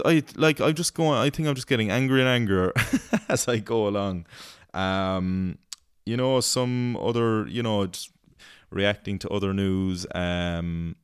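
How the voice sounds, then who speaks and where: A man's voice: fairly low pitch, smooth, dry recording, studio quality. An Irish man hosting a podcast, ranting in casual chat and swearing freely. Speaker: podcast host.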